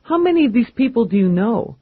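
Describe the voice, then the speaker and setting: A man's voice: very high-pitched, very animated, a little fast, slightly rough, phone-quality sound, voice pushed up, heavily acted. A man voicing a tough, blunt female police lieutenant in an audiobook, with a brusque, exasperated delivery. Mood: wry.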